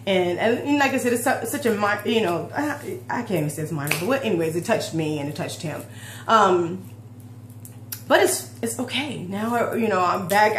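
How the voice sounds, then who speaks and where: A woman in her forties talking heartfelt and emotional in a personal vlog, rambling with restarts. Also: a little high. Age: 40s. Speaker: fitness vlogger. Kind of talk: personal confessional vlog talk. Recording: roomy echo with faint hum.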